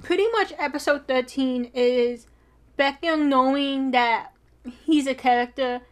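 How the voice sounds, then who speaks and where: A young woman with a high, bright-sounding voice chats casually about the episodes she watched. She talks in an animated way, swears freely and acts out her own reactions as she goes. Her delivery is loose and conversational. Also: unhurried. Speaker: podcast co-host. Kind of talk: casual chat recapping a drama.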